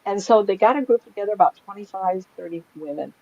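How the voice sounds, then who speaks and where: A middle-aged woman tells stories in a relaxed, chatty way, breaking into laughter as she goes. Her voice sits at an ordinary pitch for a woman. The recording sounds a little dull and lo-fi. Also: fast. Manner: animated, laughs often while telling stories. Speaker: psychic medium guest. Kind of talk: casual storytelling chat.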